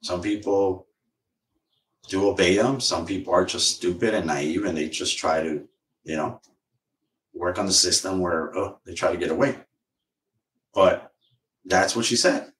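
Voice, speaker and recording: A man's voice: low-pitched, unhurried, long pauses, a bit bright. A man streaming live and ranting casually, rambling and swearing, repeating himself as he goes. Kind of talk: casual livestream rant. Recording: roomy echo, far from mic.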